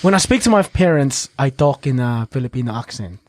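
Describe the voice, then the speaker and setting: A man's voice: mid-range voice, lively intonation, fairly quick, darkish tone, no room sound, clean studio sound. A man with a New Zealand accent, a guest and actor, talking earnestly and reflectively in a casual podcast chat.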